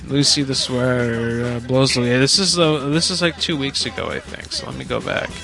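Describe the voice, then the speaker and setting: A male podcast host in casual chat, excitable and swearing freely. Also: medium pitch, normal speed, gravelly, faint music behind.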